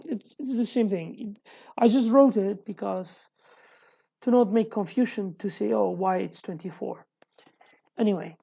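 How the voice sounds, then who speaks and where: Woman teaching in halting English. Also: mid-range voice, vocal fry, dark tone, breathy edge, highs cut off. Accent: Sulaymaniyah Kurdish. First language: Kurdish. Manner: halting, many restarts, repeats example phrases slowly. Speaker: language teacher. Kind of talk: online language lesson.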